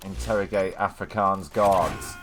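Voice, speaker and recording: A man's voice: deep voice, steady tone, measured pace, background noise. A man with a Mancunian accent, a gaming streamer chatting and teasing friends while he plays. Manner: teasing, joking banter. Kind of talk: casual chat while playing.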